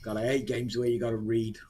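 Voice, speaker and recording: A man's voice: mid-range voice, dark tone. An older man, chatting casually and rambling while commenting on a game he is playing. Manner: chatty, rambling, says "mate" often. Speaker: gaming channel host.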